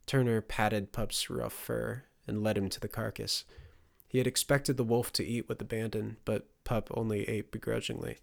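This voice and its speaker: A man narrating a fantasy audiobook in a steady storytelling delivery. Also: on the low side, normal speed, gravelly.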